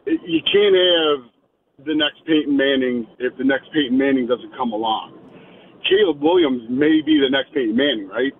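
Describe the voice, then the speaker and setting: A man giving his opinions on sports in an emphatic, animated way. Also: on the high side, normal speed, vocal fry, narrow, tinny audio, a little hiss or hum.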